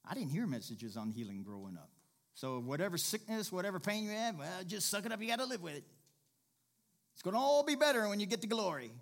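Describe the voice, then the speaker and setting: A male preacher delivering a sermon in a folksy, conversational way, building to loud, emphatic exhortation. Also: sits high, animated, fast. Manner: emphatic, rising to shouted exhortation.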